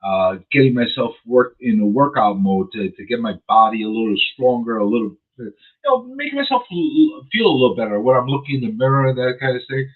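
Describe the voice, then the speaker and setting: A man hosts a radio show in casual, chatty, rambling talk, chewing gum as he speaks and getting animated when riled up. His voice is medium-pitched with a breathy edge and a slightly fast pace, heard through phone-like narrow sound.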